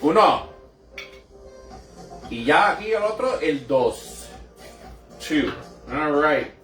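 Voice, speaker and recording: A man's voice: a little high, sing-song, slow, a bit bright, soft background music. A man hosting a casual home cocktail show, chatting straight to his viewers. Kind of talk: casual live cocktail demo. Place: indoors at home. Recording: roomy echoey room.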